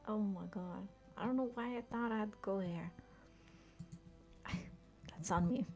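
Gravelly-voiced woman streamer chatting. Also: mid-range voice, unhurried, darkish tone, faint music behind. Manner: chatty, easily distracted, laughs often, talks to herself. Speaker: game streamer. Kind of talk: casual live-stream commentary while playing.

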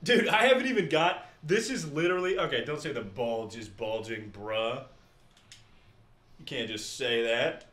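Chatting casually with his audience between rounds of a live game stream, a young man swears freely. He has a medium pitch, lively intonation, a moderate pace and a slightly bright sound, recorded with roomy echo.

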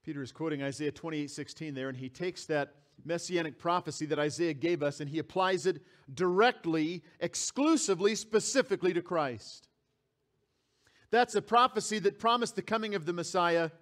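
A man's voice: a little high, moderate pace, a bit bright. A man preaching a sermon as pastor, reading scripture aloud and repeating key phrases for emphasis. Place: church sanctuary.

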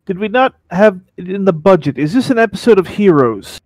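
A man's voice: high-pitched, lively intonation, fairly quick, a little mellow, no room sound. A man giving casual, comedic game commentary with sarcastic, joking asides. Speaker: Let's Play commentator.

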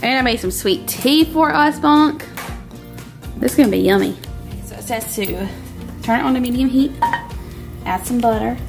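Chatty woman with vocal fry. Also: on the high side, normal speed, pauses often, over music. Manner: chatty, upbeat, says "y'all". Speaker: vlog host. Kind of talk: casual cooking vlog chat. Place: home kitchen.

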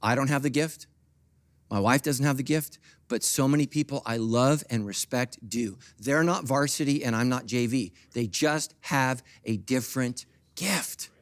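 A middle-aged man preaching a sermon as pastor, jumping between quiet asides and loud animated peaks, with humorous asides to the congregation. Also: medium pitch, moderate pace. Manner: animated preaching with big swings from soft to loud.

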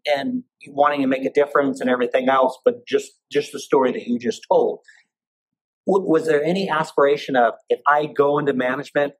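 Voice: medium pitch, husky, rough recording. A podcast host who is a former agent, asking long, winding interview questions in a conversational way.

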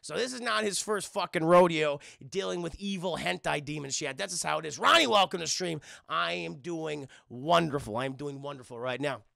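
A male streamer with a high, bright voice and a heavy gravelly fry rambles through an anime recap for his chat. He swears freely and keeps turning back to address his viewers. The dry sound sits close to the mic. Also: brisk, few pauses, no room sound. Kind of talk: casual recap to live chat.

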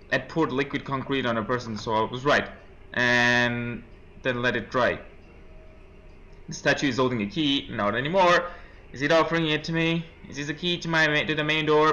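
Young male let's-player, bright tense voice, jumpy horror-game commentary full of nervous laughs. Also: mid-range voice, rough recording. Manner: jumpy reactions, reading game text aloud, nervous laughs. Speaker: let's play gamer.

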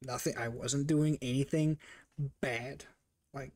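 Young male streamer telling stories, lively and profane, laughing often. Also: medium pitch, takes it slowly. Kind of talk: casual storytelling chat.

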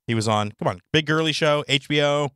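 A man hosting a casual podcast chat, animated and steering the playback of clips. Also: on the high side, clean tone, no room sound, studio quality. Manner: quick, animated, directs the playback. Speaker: podcast host.

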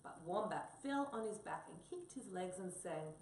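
A woman reading a children's storybook aloud in an animated way. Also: lowish voice, moderate pace. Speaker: reader. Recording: distant echoey room with faint noise.

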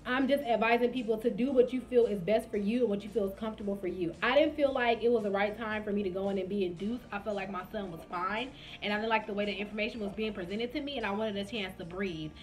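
A woman's voice: mid-range voice, fast talker. A young woman vlogger chatting through a personal storytime, talking straight to her viewers and acting out what others said. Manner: chatty, addresses viewers directly; animated retelling with quoted dialogue. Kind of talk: casual storytime vlog.

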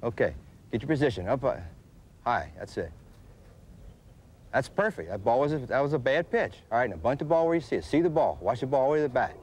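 A man's voice: medium pitch, very animated, fast, pauses often, darkish tone, husky. Man coaching kids outdoors on bunting. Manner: patient, repetitive coaching with demonstrations. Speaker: baseball coach. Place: outdoor ball field.

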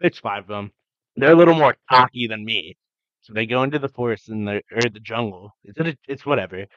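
A young man co-hosts a casual podcast, rambling through an animated, swear-filled tall tale and laughing along the way. His voice sits at an ordinary middle pitch. The recording is dry and slightly muffled. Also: fairly quick, no echo. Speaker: podcast co-host. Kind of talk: casual chat.

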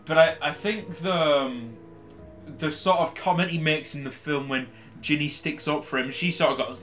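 A man's voice: fairly high pitch, moderate pace, a bit bright, soft background music. A young man casually commentating on a game he is playing, ranting, swearing and laughing often. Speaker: game reaction host.

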